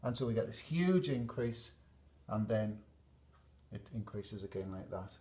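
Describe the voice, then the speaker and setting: A man teaching a chemistry lesson at a whiteboard, explaining steadily and pausing to draw graphs. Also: lowish voice, lively intonation, mellow.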